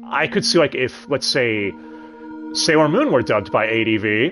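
Lively man hosting a casual review. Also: mid-range voice, moderate pace. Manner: chatty, with joking asides. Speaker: host. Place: home streaming setup. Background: background music.

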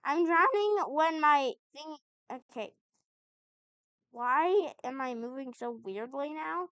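Woman, high voice, chatty gamer commentary, bemused back-talk, dead-dry sound. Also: lively intonation, slow pace, a bit bright, no echo, muffled recording. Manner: chatty, puzzled, talks back to the game. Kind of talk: let's-play commentary.

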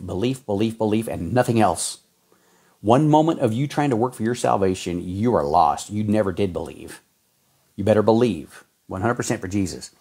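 A man preaching a fervent sermon, folksy and exhorting, with sudden jumps in pitch as he reads scripture. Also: expressive, moderate pace, a little mellow, breathy edge. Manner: folksy, says y'all and man.

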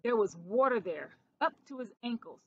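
A woman's voice: on the high side, normal speed, husky, dull audio. Woman reading a children's story aloud. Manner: expressive, animated character voices.

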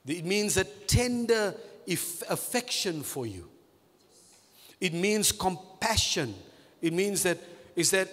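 A male pastor delivers a sermon in a deliberate, unhurried way, stretching key words and circling back over the same phrases. His voice sits fairly high for a man. The sound carries a long reverb tail, as from a large hall. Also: expressive, fairly bright tone.

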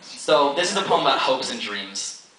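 A man performs spoken word poetry before an audience on a college stage, rhythmic, theatrical and teasing, his medium-pitched voice sing-song, pushed and bright at normal speed. An audience camera captured him from far off, so the sound is distant and echoey with crowd noise.

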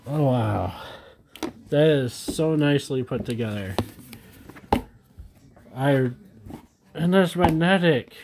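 A man in his thirties chatting casually to viewers at home as he opens trading card packs, excitable and gushing over each card. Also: medium pitch, slow, gravelly, pauses often, background noise. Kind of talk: casual unboxing chat.

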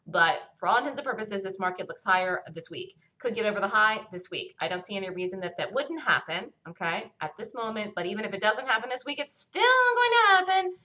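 A woman hosts a solo stock market review, her voice bright and a little tense at a mid pitch. She talks with firm conviction and keeps circling back to the same points. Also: fast talker, hardly any pauses. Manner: emphatic, self-assured, repetitive. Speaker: stock market show host.

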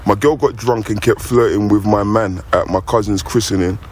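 A man's voice: fairly low pitch, moderate pace, darkish tone, slight background noise. A man co-hosting a podcast, reading listener letters aloud in a laid-back, chuckling way.

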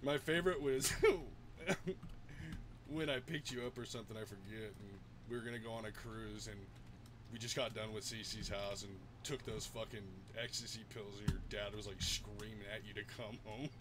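A man's voice: lowish voice, steady tone, moderate pace, background noise. A man chatting casually while streaming a game, laid-back, swearing often and laughing a lot. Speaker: gaming streamer. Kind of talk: casual chat while gaming.

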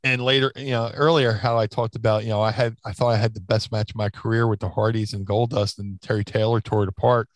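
A man's voice: fairly low pitch, flat delivery, fast talker, few pauses, dry recording. Rambling man telling wrestling stories. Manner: rambling anecdotes with many restarts and fillers. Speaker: interview guest, former wrestler. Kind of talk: casual storytelling.

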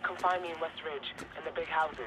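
A man voices a secretive ally in a video game who is lying low. He speaks in short, hushed phrases and keeps the talk brief. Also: steady tone, fairly quick, close to an everyday voice, poor audio. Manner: hushed, terse. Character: secretive male ally hiding out, terse.

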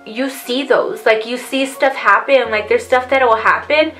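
Earnest, soft-spoken woman vlogger, fairly high voice. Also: fairly even intonation, rough recording. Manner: earnest, heartfelt, rambling, addresses viewers as "you guys"; soft, slow delivery near tears. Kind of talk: personal vlog talk to camera. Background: faint background music.

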